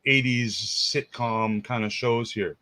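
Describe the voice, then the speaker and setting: A man's voice: mid-range voice, steady tone, slow pace, crowd noise. A man from Canada hosting a casual livestream chat, upbeat, greeting viewers from the chat. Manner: upbeat, reads out chat names. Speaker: host.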